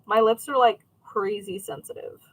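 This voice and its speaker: A woman's voice: fairly high pitch, moderate pace, low-quality recording. A young woman hosting a crafting livestream, chatting casually and answering viewers' questions as she goes. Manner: chatty, rambling, reads and answers chat. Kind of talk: casual chat with live viewers.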